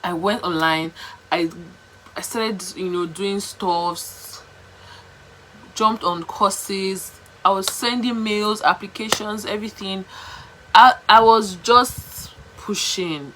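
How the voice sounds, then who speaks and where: A young Nigerian woman vlogging, telling a story to camera in a chatty, animated way, repeating herself and slipping into pidgin. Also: mid-range voice, a little hiss or hum, low-quality recording.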